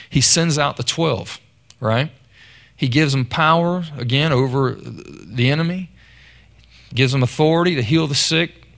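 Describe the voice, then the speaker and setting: A man's voice: on the high side, a bit bright. A man preaching a sermon in a conversational storytelling way. He often repeats words and calls out to the congregation.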